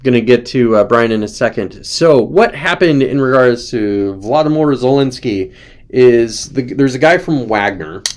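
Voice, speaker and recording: A man's voice: mid-range voice, animated, a little slow, a little mellow. Ranting sarcastic man hosting a show. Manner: ranting, sarcastic, with mocking put-on quotes. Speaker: host. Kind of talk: casual political commentary.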